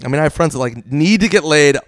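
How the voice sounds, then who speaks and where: Swearing, rambling male guest; high-ish, bouncy voice, dry sound. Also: animated, fast talker, dry recording. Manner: profane, rambling storyteller. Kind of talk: casual podcast chat.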